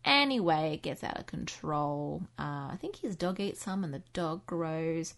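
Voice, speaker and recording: A woman's voice: low voice, expressive, measured pace, vocal fry. Rambling, sarcastic woman. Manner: rambling, sarcastic, full of fillers and asides. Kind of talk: casual chat, recapping books.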